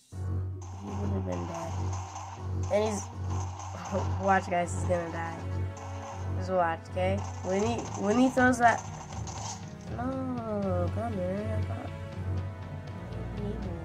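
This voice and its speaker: A woman's voice: mid-range voice, expressive, slow, pauses often. A woman giving casual, giggly and teasing commentary while she plays a game. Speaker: gamer. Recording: background music under the voice. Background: music.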